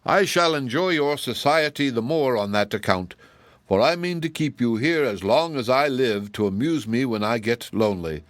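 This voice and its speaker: A man's voice: mid-range voice, lively intonation, no room sound, pitched above the performer's own voice, close to an everyday voice. A man putting on a scornful cruel giantess. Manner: slow, mocking and menacing.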